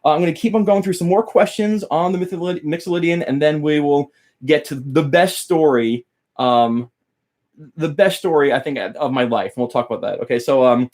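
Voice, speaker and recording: On a laid-back live stream, a man with a fairly high, somewhat dark voice teaches guitar at a moderate pace. He rambles, loses his train of thought, and greets chat viewers by name as he goes.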